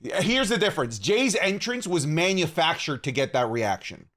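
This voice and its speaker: A man from Canada co-hosting a podcast, talking in an excitable, animated way and often saying "dude". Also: on the high side, normal speed. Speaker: podcast co-host. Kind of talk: casual chat.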